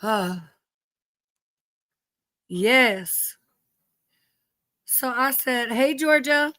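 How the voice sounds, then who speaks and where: A woman's voice: high-pitched, lively intonation, drawn-out words, bright, forceful tone, no room sound. A middle-aged woman hosting a casual live stream from home, greeting viewers by name, sniffly from allergies and cursing lightly as she chats.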